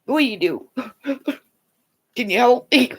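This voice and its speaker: Woman livestreamer, rambling chat, swooping up and down in pitch, soft whispered asides. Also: animated, slow, slightly rough. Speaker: livestream host.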